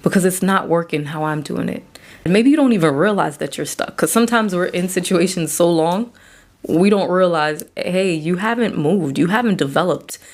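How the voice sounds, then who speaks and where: A woman with a somewhat low voice speaks as a therapist and psychiatric provider, giving a faith-based mental health talk. She is earnest and conversational and slips into acted-out dialogue as she explains. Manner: earnest and conversational, acts out quoted back-and-forth dialogue.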